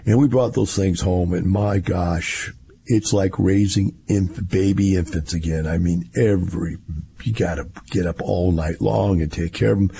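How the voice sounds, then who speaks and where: A man's voice: low-pitched, gravelly, mellow, husky. A man, rambling through a casual monologue in a folksy storytelling way.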